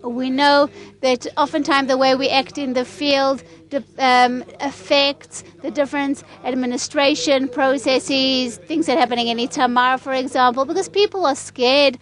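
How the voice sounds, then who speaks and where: High-voiced woman giving a conference speech. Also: steady tone, normal speed, a bit bright. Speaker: conference speaker. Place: conference hall.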